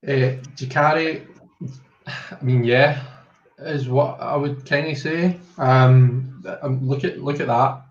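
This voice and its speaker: A man with a Scottish accent giving an upbeat tarot reading on a live online stream, talking quickly with plenty of "um"s. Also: mid-range voice, fairly even intonation, reverberant, lo-fi sound. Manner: rapid, upbeat, filler-heavy. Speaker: tarot reader. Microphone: video call.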